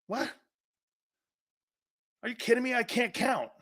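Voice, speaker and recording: A man's voice: very high voice, lively intonation, a little slow, pushed and bright. A man hosting a sports talk show, combative and opinionated, firing rhetorical challenges.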